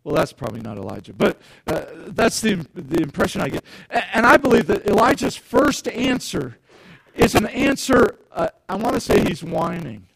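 A man's voice: high-pitched, sing-song, moderate pace, creaky, a bit bright, slightly rough, poor audio. A male pastor giving a conversational sermon, often repeating words and putting questions to the congregation.

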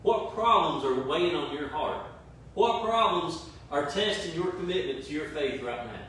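A man's voice: a little high, lively intonation, moderate pace, a bit bright. Emphatic male preacher in an echoey room. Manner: emphatic, repetitive preaching with rhetorical questions. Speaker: pastor. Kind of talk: sermon. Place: church service streamed online. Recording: very echoey room, mic at a distance, faint room noise.

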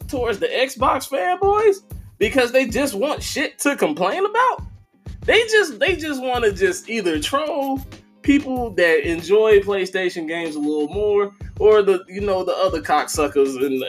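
A man's voice: high-pitched, fairly bright tone. A man ranting about gaming fans in a heated, profane, casual style. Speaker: gaming commentator. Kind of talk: casual rant to camera.

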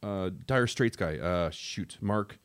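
A young man chatting casually on a podcast, opinionated and animated, talking quickly. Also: sits low, clean tone, dry recording. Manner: rapid, opinionated, animated asides. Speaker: podcast co-host.

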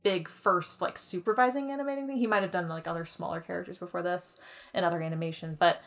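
A woman co-hosting a podcast, talking casually about a film, animated and laughing often. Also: on the low side, fast talker. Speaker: podcast co-host.

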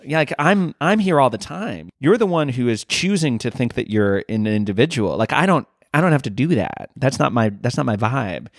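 A man's voice: medium pitch, animated, normal speed, few pauses, no echo, clean studio sound. A man voicing his laid-back female pet cat, talking in a casual, shrugging way. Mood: nonchalant.

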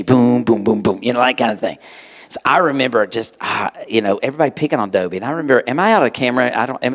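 A man preaching to a live audience, telling a personal story in an animated way and acting out voices. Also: medium pitch. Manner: animated, acts out voices, sudden loud outbursts. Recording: long hall reverb.

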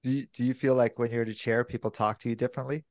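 Male co-host, mid-pitched, self-doubting rambler, dry booth sound. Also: level tone, racing, dry recording. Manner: hesitant, self-doubting storyteller. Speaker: podcast co-host. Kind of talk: casual chat.

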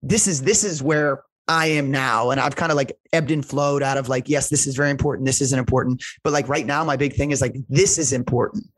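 A man's voice: medium pitch, brisk, few pauses, no room sound. A man, a strength coach, telling stories in casual conversation, rambling with lots of "like" and "right?", earnest and emotional. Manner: rambling, heavy use of "like" and "right?".

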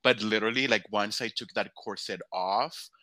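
A man who performs in drag, telling a long story in casual chat, lively, swearing freely and acting out what others said. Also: on the low side, normal speed, dry recording. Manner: animated, swears freely, acts out quoted voices. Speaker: drag performer, podcast guest.

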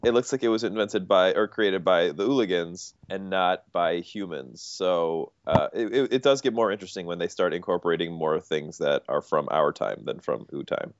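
A man with a deep voice retelling cartoon plots on a casual podcast. The sound is dull and dry, with no room around it. He talks his way through each episode in detail. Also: normal speed, hardly any pauses, no echo. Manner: recaps episodes in detail, animated. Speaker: podcast host.

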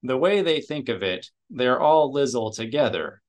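A man's voice: medium pitch, expressive, moderate pace, close to an everyday voice. A man voicing a stubborn, methodical alien mechanic. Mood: matter-of-fact.

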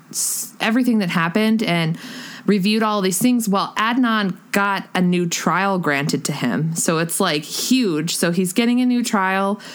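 A woman's voice: on the low side, smooth. A young woman co-hosting a podcast in a casual chat, talking in a giggly, rambling way with lots of fillers. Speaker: podcast co-host.

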